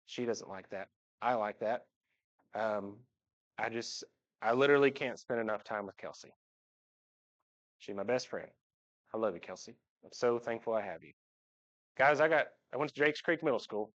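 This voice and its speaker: A church member with a lowish, slightly bright voice speaks at normal speed, pausing often, as he jokes and tells stories in a heartfelt pulpit talk to the congregation. His voice rises when he imitates others, and the sanctuary recording is dull.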